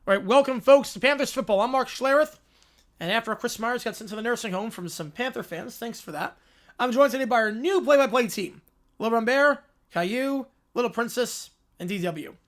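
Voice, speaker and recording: A man's voice: very high voice, fairly quick, fairly bright tone. A man voicing a fed-up middle-aged football commentator who talks in a weary, sighing way. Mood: exasperated.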